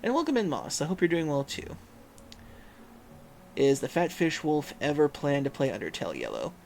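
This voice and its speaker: Lively-voiced man musing through a stream chat. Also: fairly high pitch, moderate pace, gravelly, a little hiss or hum. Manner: musing, reads chat aloud, frequent hums and fillers. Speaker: livestream host.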